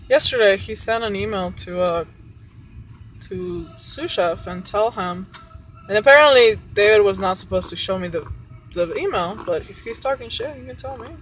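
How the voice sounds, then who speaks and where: A woman's voice: medium pitch, expressive, unhurried, low-quality recording. A woman who works as a cook, frustratedly venting about her job and swearing often.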